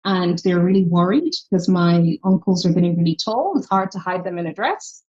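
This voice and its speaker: A woman with a softened Irish accent, telling stories earnestly as a podcast guest. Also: on the low side, a little fast, lo-fi sound. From Ireland. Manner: earnest storytelling, lively quoted voices. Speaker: guest, health tech founder. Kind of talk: podcast interview.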